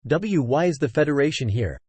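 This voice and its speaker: A man's voice: a little high, animated, brisk, a little mellow, breathy edge, dry recording. A synthetic male narrator voicing a startled man in a carriage who stammers in disbelief.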